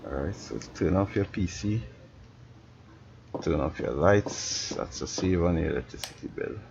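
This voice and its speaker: A tired man giving slow, mumbling casual commentary over gameplay on a stream, talking to himself as he plays. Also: low voice, gravelly. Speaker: gaming streamer. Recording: dull lo-fi stream audio with background noise.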